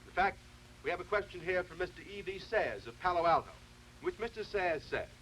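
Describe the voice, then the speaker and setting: Man lecturing with deliberate restarts. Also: high-pitched, animated, a bit bright, a little hiss or hum, poor audio. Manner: measured, deliberate explaining with frequent restarts. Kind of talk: televised philosophy lecture.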